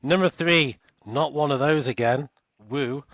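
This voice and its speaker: A man's voice: a little high, a little slow, fairly bright tone, no room sound, voice pushed up. A British man putting on the voice of a hyped radio countdown announcer, with punchy, showy delivery.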